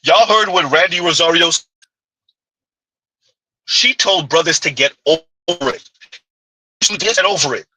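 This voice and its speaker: Guy doing live stream commentary, slightly husky, super bright edgy tone, mocking, keeps asking huh?. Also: fairly high pitch, a little slow, long pauses, dry recording, poor audio. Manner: rhetorical, needling questions with "huh?" asides; blunt, mocking. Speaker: commentary channel host.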